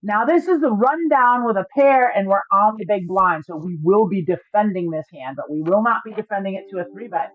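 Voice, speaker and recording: This poker streamer explains her plays in a joking, foul-mouthed way, speaking fairly quickly with hardly any pauses. Her mid-range voice is animated. The slightly dull lo-fi audio is dry, with no room sound.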